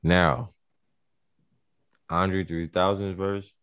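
A young man co-hosting a casual podcast, blunt and quick with his reactions. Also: low-pitched, expressive, gravelly, a bit bright, clean tone, dry recording, studio quality. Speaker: podcast co-host. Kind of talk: casual chat.

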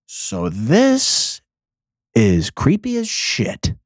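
A man's voice: medium pitch, wildly swooping pitch, extremely slow, no echo, clean studio sound. Profane, riled-up man ranting solo. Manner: rambling with restarts. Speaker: podcast host. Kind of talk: casual solo rant.

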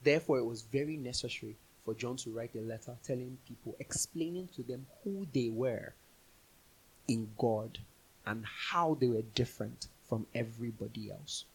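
A man teaches through a Bible passage in a relaxed, conversational way, moving from scripture to everyday examples. His voice is husky and sits at a middle pitch. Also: normal speed, poor audio.

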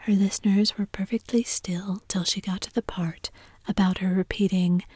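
A woman's voice: mid-range voice, moderate pace, breathy edge, dry recording. Whispering woman reading a storybook. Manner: soft and even.

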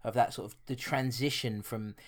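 A man's voice: medium pitch, fairly even intonation, moderate pace. A man, co-hosting a podcast, talking through a horror film in a chatty, hesitant way with many restarts. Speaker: podcast co-host. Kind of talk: casual film review chat.

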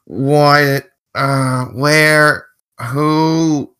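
Slow-talking bright-toned tabletop player. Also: mid-range voice, fairly even intonation, clean tone. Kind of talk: casual game chat.

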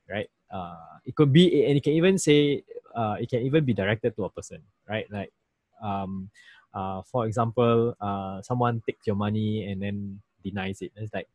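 A man from Malaysia explains slang in relaxed chat, acting out the phrases as he goes. His pitch jumps around a lot and he laughs often. The recording is dry and close. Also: moderate pace, no room sound. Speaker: guest explaining language. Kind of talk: casual conversational explanation.

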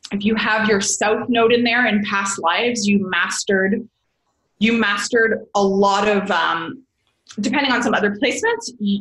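A woman with a mid-range, slightly bright voice explains astrology as a podcast guest, on a rough recording with a roomy sound. She's chatty and rambling, often correcting herself and calling the listener babes.

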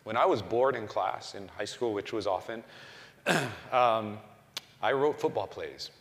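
A man's voice: on the low side, lively intonation, measured pace, gravelly. A man giving a conversational sermon, full of rhetorical questions and restarts. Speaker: pastor. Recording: long reverb of a hall.

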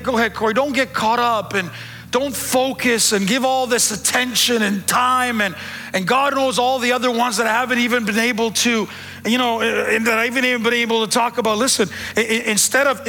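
A male pastor in midlife delivers a sermon to his church, his voice pitched unusually high. He preaches in an animated, joking way and drops in bits of street slang. His tone stays bright and forceful. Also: in a large hall, a little hiss or hum.

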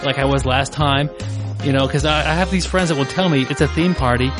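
A man co-hosting a podcast in a relaxed, chatty way, teasing his partner. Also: mid-range voice, brisk, over music. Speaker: podcast co-host. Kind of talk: casual podcast chat.

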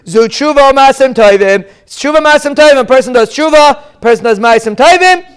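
A man giving a lively Torah lesson, telling stories and jumping up in pitch for emphasis. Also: a little fast, clean tone. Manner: animated, storytelling, pitch jumps up for emphasis. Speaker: Torah teacher giving a daf shiur. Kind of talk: lively Torah lecture with Yiddish and Hebrew terms.

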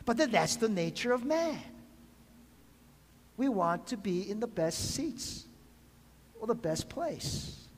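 This high-voiced pastor takes his sermon slowly, pausing often, his pitch swinging widely. He puts questions to the congregation and calls for amens, his voice ringing with the long reverb of a church sanctuary.

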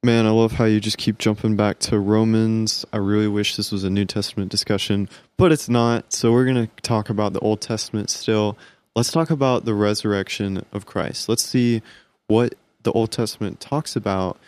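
A man's voice: on the low side, fairly even intonation, moderate pace, darkish tone, clean tone, no room sound. A man co-hosting a podcast, talking in a friendly, easygoing way as he passes the talk along. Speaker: podcast co-host. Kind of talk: casual podcast chat.

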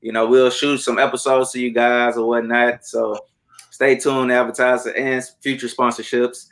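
A man co-hosting a sports betting podcast in casual chat, animated and repeating words for emphasis. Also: mid-range voice, normal speed.

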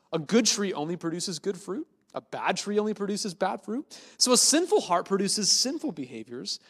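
A man preaching a sermon in a lively, conversational way, often dropping quiet for emphasis. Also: a little high, big-room sound.

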